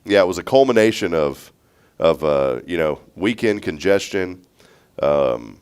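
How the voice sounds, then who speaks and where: A man's voice: sits low, big pitch swings, measured pace, darkish tone, clean tone. A congested man, hosting a morning show in casual, rambling chat and laughing often.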